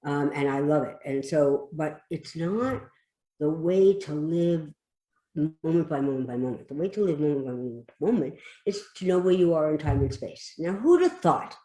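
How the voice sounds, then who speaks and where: Woman, podcast guest, emphatic, repeats phrases, mellow warm tone, echoey room. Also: low voice, lively intonation, moderate pace. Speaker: guest expert. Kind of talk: podcast conversation.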